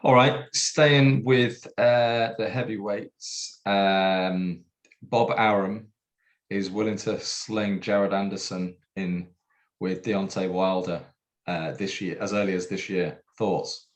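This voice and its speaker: A man's voice: deep voice, fairly even intonation, takes it slowly. A man co-hosting a casual podcast chat, hesitant with many fillers and restarts. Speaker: podcast co-host.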